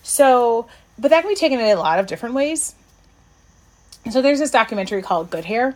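A woman co-hosting a podcast, chatting casually about an episode in an animated, rambling way, with lots of fillers and restarts. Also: a little fast. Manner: animated, jumps to high pitch when excited. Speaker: podcast co-host. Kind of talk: casual chat reviewing an episode.

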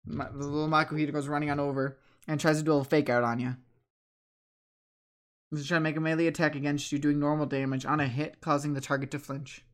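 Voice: mid-range voice, little pitch movement, fast. Game master, casual and chatty narration. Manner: casual, chatty, filler-heavy.

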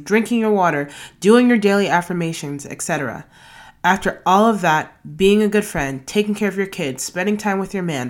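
Low-voiced woman reading self-help tips. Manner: reads numbered tips, then drifts into loose casual asides. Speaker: podcast host. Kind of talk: reading a self-help blog post aloud.

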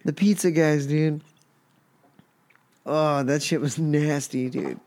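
A man's voice: on the high side, fairly even intonation, slow pace, darkish tone. A man from Texas, hosting a podcast in loose, rambling casual chat, saying "dude" often. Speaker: podcast host.

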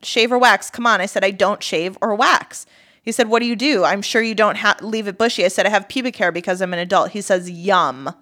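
A woman in a casual chat tells a story bluntly and frankly. Her voice sits in a middle pitch. She reads out messages in an easy, conversational way. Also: a little fast, a bit bright. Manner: candid, blunt retelling of text messages.

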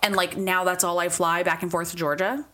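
A young woman co-hosting a casual podcast, telling quick stories and laughing often. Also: on the low side, little pitch movement, sharp tone. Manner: chatty, quick storyteller who laughs a lot. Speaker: podcast co-host. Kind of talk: casual chat.

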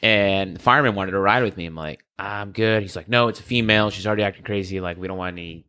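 A man in casual chat telling a story from his paramedic work, relaxed and laughing, acting out what people said. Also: deep voice, fast, clear, resonant tone. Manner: relaxed, laughing, acts out quotes.

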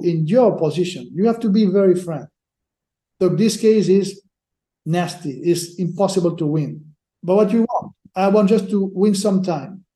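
High-voiced man, dark tone, roomy sound. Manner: halting, repeats words while searching for phrasing. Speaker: sports lawyer guest. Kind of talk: podcast interview answers. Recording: roomy echo.

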